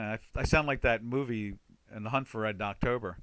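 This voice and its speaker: Low-voiced man talking markets. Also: fairly quick, fairly bright tone, slight background noise. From United States. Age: older. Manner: rambling, many fillers and restarts. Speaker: trading webinar host. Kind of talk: casual market commentary over charts.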